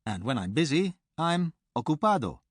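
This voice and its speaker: A man presenting a pronunciation course in a clear, measured teacher's delivery, recorded close on a studio mic. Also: on the high side, sing-song, no echo. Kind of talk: scripted instructional narration.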